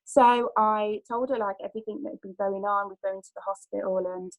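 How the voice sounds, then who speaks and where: A woman in her thirties with a gravelly, creaky edge and a mid-range pitch. She tells her own story on a call in a rambling way, full of "like"s and restarts. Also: steady tone, fairly quick, low-quality recording. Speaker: personal trainer. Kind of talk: personal testimony on a group call.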